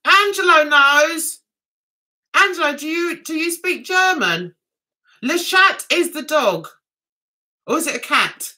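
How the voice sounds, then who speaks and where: A woman's voice: sits high, animated, slow, pauses often, pushed and bright. A woman hosting a casual livestream chat, giggling and chatting as she reads out viewer comments and answers them. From England. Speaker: livestream host.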